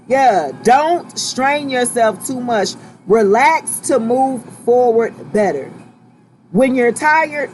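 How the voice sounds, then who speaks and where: A woman giving a casual tarot reading to her viewers, relaxed and reassuring, often checking in with "okay?" and "right?" and repeating herself as she talks. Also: on the high side, a little hiss or hum. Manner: loose, chatty, repeats and restarts phrases. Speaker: tarot reader.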